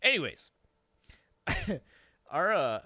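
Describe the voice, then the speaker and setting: A man's voice: fairly high pitch, wildly swooping pitch, very slow, pushed and bright, no room sound, clean studio sound. A man telling a story on a podcast in a casual, rambling way, swearing and laughing often. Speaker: podcast host. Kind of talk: casual chat.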